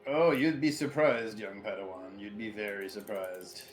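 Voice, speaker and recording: A man's voice: on the low side, fairly even intonation, normal speed, soft background music, natural voice. A man voicing a creepy, smug old man who speaks in a sly, taunting tone.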